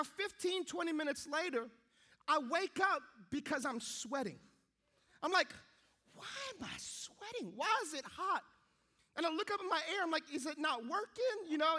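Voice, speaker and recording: Young male preacher, very high and forceful voice, animated storyteller. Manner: lively storytelling, acting out his own thoughts. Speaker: pastor. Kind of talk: sermon with a comic personal story.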